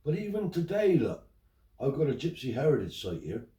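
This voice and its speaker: An older man, a Romany Traveller being interviewed, tells stories in a casual chat and acts out the dialogue with animation. His voice is mid-range and his speed normal. The recording sounds roomy, captured from a distance.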